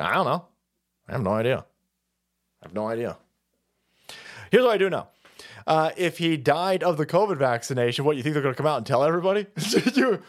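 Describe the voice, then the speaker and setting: A man's voice: fairly high pitch, sing-song, a little fast. Foul-mouthed ranting man in his forties. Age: 40s. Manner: foul-mouthed, mocking, laughs often. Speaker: livestream host. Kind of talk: profane comedic rant.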